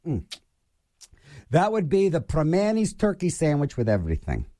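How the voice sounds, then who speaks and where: Animated, high-voiced man ranting playfully. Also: moderate pace, dry recording, studio quality. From Pittsburgh. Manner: animated, mock-argumentative, playful. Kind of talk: comic rant.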